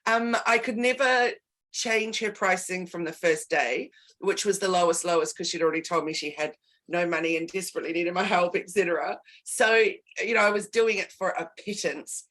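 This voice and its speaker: A woman's voice: lowish voice, normal speed, a bit bright. A woman consultant talking candidly in a casual conversation, stressing points by repeating words. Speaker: guest and business consultant.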